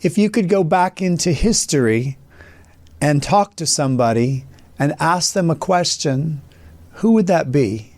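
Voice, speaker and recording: A man's voice: on the high side, lively intonation, a little slow, a little mellow, dry recording. A man hosting an interview, asking questions and offering upbeat encouragement. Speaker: interview host.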